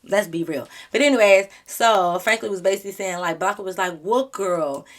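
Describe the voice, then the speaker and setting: A young woman tells a storytime straight to her viewers in a chatty vlog. She is animated and dramatic, and she laughs often as she goes. Her pitch sits in a middle range. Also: fairly quick. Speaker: vlogger. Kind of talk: casual storytime chat.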